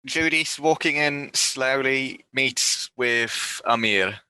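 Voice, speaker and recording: Bright-voiced man recapping a film. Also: mid-range voice, slow, clear, resonant tone, no room sound. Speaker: podcast co-host. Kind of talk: casual movie recap chat.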